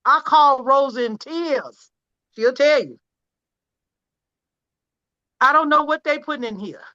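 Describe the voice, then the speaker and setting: A woman's voice: high voice, slow pace, pushed and bright, dull audio. A woman giving an earnest, emphatic personal testimonial from home over a video call. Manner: earnest, emphatic, close to tears at times. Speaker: product testimonial speaker.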